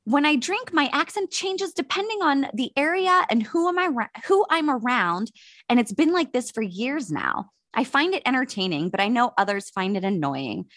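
Lively American woman in her thirties. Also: sits high, moderate pace, no room sound, clean studio sound. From United States. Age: 30s. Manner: storytelling, laughs often. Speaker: podcast co-host. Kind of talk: casual chat.

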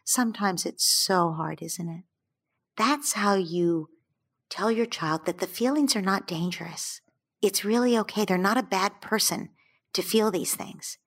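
A woman who is a parenting expert, explaining in a gentle, soothing way and slowing down to stress her points. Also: mid-range voice. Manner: gentle, soothing, slows down for emphasis. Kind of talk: calm explanatory advice.

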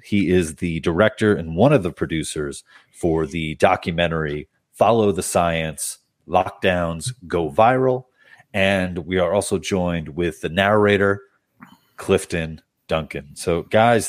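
A man's voice: sits low, dry recording, clean studio sound. A man hosting a live podcast interview, talking casually with a stuffy, nasal cold and many fillers. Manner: chatty, apologetic, hesitant with fillers. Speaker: podcast host.

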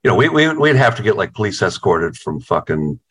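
Rambling, profane man with a low voice. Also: big pitch swings, a little fast, a bit bright, husky. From New York. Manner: profane, rambling, repeats words. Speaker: guitarist in a band, interviewee. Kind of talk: casual storytelling over video call. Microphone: video call.

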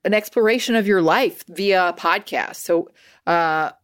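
Woman as a flattering, rambling podcast host with a lowish voice, fawning comedy character. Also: measured pace, no room sound, clean studio sound, lightly acted. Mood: gushing.

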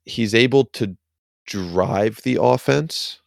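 On a casual sports podcast, a male co-host who has the hiccups rambles, swears casually, and keeps putting himself down. He talks slowly at a medium pitch with a creaky quality, and there's no room sound.

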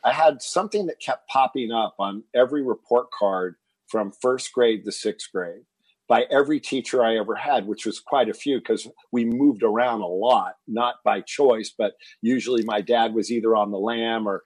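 A man's voice: medium pitch, moderate pace, breathy edge, no room sound, rough recording. A man telling a personal story as a podcast guest, acting out what his family said. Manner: animated, acts out quoted family dialogue.

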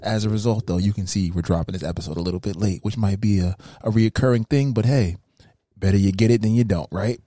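Brief: male co-host, quick mellow talk, put-on radio voice, dry close mic. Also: no echo. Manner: mock radio voice, deep and smooth, relaxed. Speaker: podcast co-host. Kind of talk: casual podcast chat.

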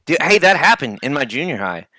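A young man on a podcast tells stories with animation. His voice is bright and forceful at a middle pitch, and the sound is dry and close. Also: brisk, no room sound. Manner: storytelling, animated. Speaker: podcast co-host. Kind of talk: casual chat.

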